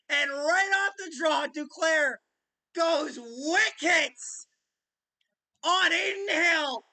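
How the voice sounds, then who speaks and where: A woman podcast host giving excitable, casual live hockey commentary, who swears freely and shouts goal calls. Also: extremely high pitch, takes it slowly.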